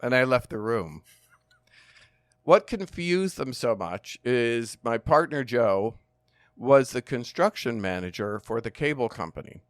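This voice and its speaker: A man in his sixties telling stories as a podcast guest, calm and measured, with dry humor. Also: mid-range voice, no room sound. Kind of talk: storytelling interview.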